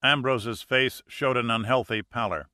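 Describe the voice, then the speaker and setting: A man giving steady, measured scripted narration of an adventure audiobook. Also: medium pitch, dry recording, studio quality.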